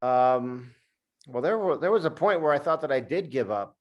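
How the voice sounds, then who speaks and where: A man, an author, reading aloud from his book and then answering interview questions in a halting, casual way. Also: medium pitch, expressive, highs cut off. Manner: halting, with fillers and restarts when talking freely. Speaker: author and guest.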